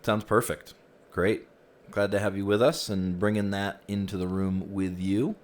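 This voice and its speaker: Deep-voiced man hosting casually. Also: little pitch movement, a little slow. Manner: easygoing, chatty, frequent "you know" and "um". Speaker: host of a virtual reality group session.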